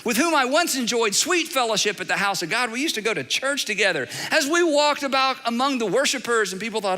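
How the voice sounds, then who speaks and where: A middle-aged man preaching a sermon from a church stage, emphatic and animated, with dramatic repetition. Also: extremely high pitch, quick pace, few pauses. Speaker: pastor. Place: large church auditorium. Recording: long reverb of a large hall.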